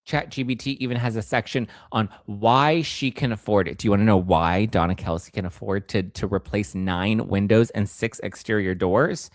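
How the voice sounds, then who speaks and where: A male host giving sarcastic, animated commentary on celebrity news, at times jumping into high squeals. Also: moderate pace, few pauses, no room sound, clean studio sound. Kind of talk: casual commentary.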